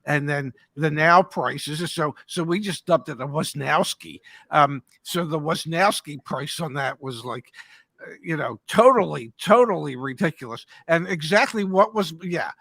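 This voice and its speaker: A man's voice: a little high, lively intonation, measured pace, gravelly, pushed and bright, no echo. An older man co-hosting a casual chat, a joking, folksy storyteller who once ran car dealerships. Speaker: co-host, former car dealership manager.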